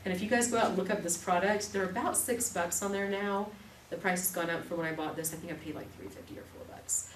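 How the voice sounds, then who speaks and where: A woman in her thirties teaching an evening class, chatty and animated, telling stories with quick laughs. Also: lowish voice. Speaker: class instructor. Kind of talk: live classroom demonstration. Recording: echoey room, distant mic, faint noise.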